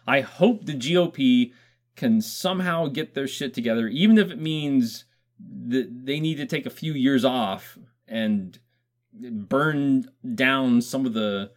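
A man in casual chat, laid-back and quick to laugh. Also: mid-range voice.

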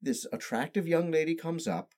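A man's voice: fairly high pitch, normal speed, a little mellow. A man in his thirties, a podcast guest, telling stories in a precise, carefully placed way of speaking with no regional accent. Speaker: podcast guest, improv actor. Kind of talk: casual storytelling chat.

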